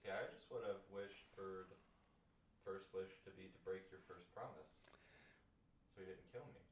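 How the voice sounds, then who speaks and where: A man jokes and argues his side in casual banter. He sits away from the mic in an echoey room, and loud background noise surrounds his voice. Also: deep voice, fairly even intonation, normal speed, distant mic. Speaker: co-host.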